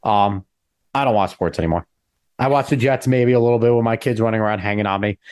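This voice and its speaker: A man's voice: lowish voice, fast, a little mellow, clear, resonant tone, dry recording, studio quality. A man in his thirties hosting a casual podcast chat, sounding congested and nasal from a cold, chatty and joking. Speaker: podcast host.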